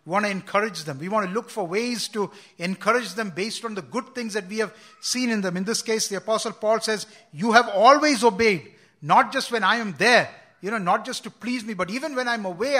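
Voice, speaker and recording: A man's voice: high-pitched, fairly quick, hardly any pauses, a bit bright. A man preaching a sermon, earnest and repeating words as he quotes scripture with emphasis.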